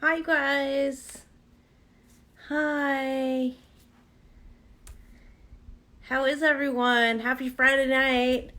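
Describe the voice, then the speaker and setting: A woman chats casually with her livestream viewers from her vanity at home. Her voice sits a little high, and she speaks slowly. She laughs often as she answers questions. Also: flat delivery, sharp tone. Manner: chatty, laughs often, coos at her pet. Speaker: livestream host. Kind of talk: casual live Q and A chat.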